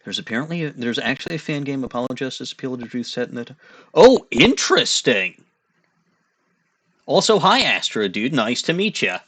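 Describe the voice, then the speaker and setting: A man's voice: mid-range voice, animated, fast, hardly any pauses, sharp tone. A man hosting a game playthrough, chatting casually with self-deprecating asides. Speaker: let's-play host.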